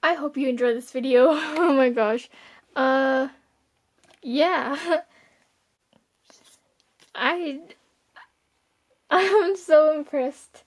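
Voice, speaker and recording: A woman's voice: high voice, drawn-out words, long pauses. A young woman chatting casually while unboxing an album, gushing, giggling and gasping between remarks. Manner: gushing, giggly, with sudden gasps and squeals. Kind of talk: excited casual unboxing chat.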